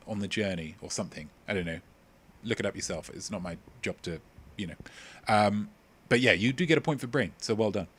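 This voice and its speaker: Young guy hosting a live quiz, lowish voice, jokey and rambly, reads out viewer answers. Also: fairly bright tone. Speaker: quiz host. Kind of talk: casual livestream quiz hosting.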